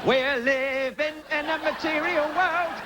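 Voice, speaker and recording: A man putting on a shrill, sing-song impression of a famous woman pop singer, in a mock Cockney accent. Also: steady tone, a little slow, loud music behind the voice. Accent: mock Cockney English. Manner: squealing, sing-song, exaggerated. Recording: loud background noise.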